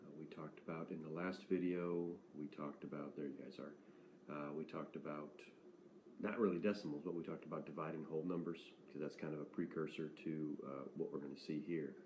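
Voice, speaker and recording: A man's voice: a bass voice, steady tone, a little fast, darkish tone, slight background noise. A male math teacher talking students through a lesson in a casual, conversational way, often checking in with "okay?".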